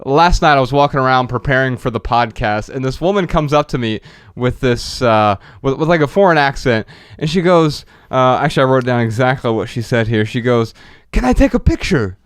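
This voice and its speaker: A man's voice: medium pitch, brisk, smooth, no echo, clean studio sound. A man co-hosting a podcast in casual chat, telling jokey stories and acting out what people said to him. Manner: jokey storyteller, acts out quoted lines. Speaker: podcast co-host.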